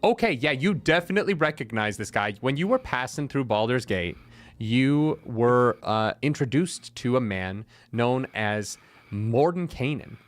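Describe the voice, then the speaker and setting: A man running a tabletop game as dungeon master, narrating scenes with many pauses and fillers. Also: mid-range voice, lively intonation. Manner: halting, filler-heavy narration.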